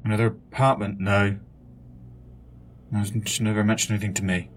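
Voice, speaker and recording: A man voicing a middle-aged grieving father who stammers and speaks in a subdued, halting way. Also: on the low side, level tone, a little hiss or hum, close to an everyday voice. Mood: sad.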